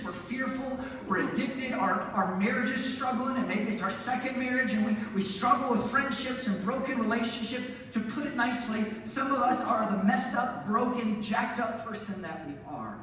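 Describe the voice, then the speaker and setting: A man's voice: sits high, fairly bright tone, a little hiss or hum. A man preaching a sermon as a pastor, telling stories with self-mocking asides. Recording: echoey hall, voice from a distant mic.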